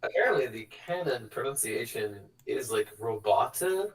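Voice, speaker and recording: A man in a casual tabletop game chat, joking freely and laughing often. His voice sits a touch higher than most men's. He is heard from some distance off the mic. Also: animated, crowd noise. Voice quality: quick, joking and frequently laughing. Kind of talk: casual chat among players.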